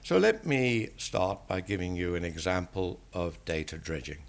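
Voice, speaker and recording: An older English man, a statistician, giving an academic lecture in a measured, dryly wry manner. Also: low-pitched, very animated, gravelly.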